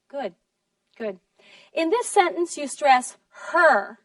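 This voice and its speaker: High, slow-speaking woman teacher. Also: expressive, bright, forceful tone, no room sound, far from the mic. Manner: slow, deliberate, encouraging, models sentences clearly. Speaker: English teacher. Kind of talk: classroom lesson in two languages.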